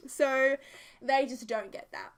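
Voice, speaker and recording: A woman's voice: high voice, steady tone, takes it slowly, smooth. A young woman chatting through a casual home voiceover, rambling and full of "like" fillers. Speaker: game builder doing a voiceover. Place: home, near the bedroom.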